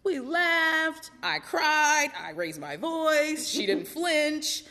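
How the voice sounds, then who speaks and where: A woman's voice: high-pitched, very animated, very slow, bright, forceful tone. A woman giving a candid personal testimony at a recovery meeting, chatty and full of fillers and laughter.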